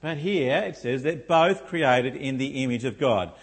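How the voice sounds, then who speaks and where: Husky-voiced middle-aged pastor preaching. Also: male voice, medium pitch, unhurried. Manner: rhetorical, asks the congregation "isn't it?". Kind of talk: sermon. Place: church.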